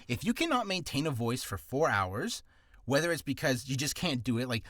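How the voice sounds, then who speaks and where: A man's voice: mid-range voice, sing-song, normal speed, a bit bright, dry recording. Rambling, jokey man with a dry, close sound. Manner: rambling, self-correcting, loose and jokey. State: slightly ticklish dry throat. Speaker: voice actor giving advice. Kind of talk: casual spoken video lesson.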